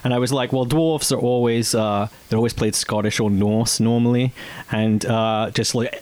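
A man's voice: medium pitch, fairly even intonation, moderate pace, a little mellow, clean tone, dry recording. A man chatting on a podcast about his tabletop character, telling it in a rambling, storytelling way. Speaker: podcast co-host, tabletop player. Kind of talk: casual podcast chat.

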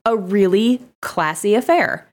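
A woman co-hosting a casual podcast, tired, telling dark jokes in a playful, deadpan way. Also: unhurried. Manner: playful, deadpan dark humor, lively pitch. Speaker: podcast co-host. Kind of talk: casual comedic chat.

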